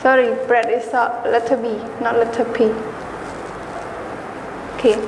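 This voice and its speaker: High-voiced woman teaching English with a Khmer accent. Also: flat delivery, big-room sound, noisy background. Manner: slow, patient, spells words letter by letter. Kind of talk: classroom lesson for children.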